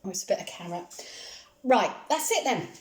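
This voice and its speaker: A woman chatting casually while she cooks in her home kitchen, repeating gentle, reassuring phrases. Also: mid-range voice, animated, a little fast. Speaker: home cooking vlogger. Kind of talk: casual chat while cooking.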